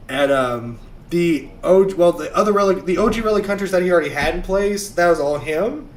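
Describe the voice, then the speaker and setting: A man's voice: sits high, brisk, few pauses. A man chatting on an online call, rambling and swearing freely as he explains things. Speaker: player on a show. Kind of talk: casual banter on an online call. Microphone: online call mic.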